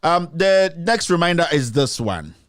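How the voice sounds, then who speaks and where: A man's voice: on the high side, very animated, unhurried, dry recording, studio quality. A Ghanaian man hosting a live political commentary stream, speaking in an impassioned, repetitive way and switching between English and Twi.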